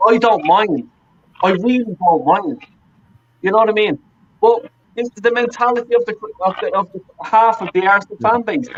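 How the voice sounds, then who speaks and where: A man with a fairly high voice rants on a football fan panel, swearing and circling back over his points. The sound is dull and lo-fi, like call audio. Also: moderate pace, a little hiss or hum. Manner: profane, ranting, repeats himself.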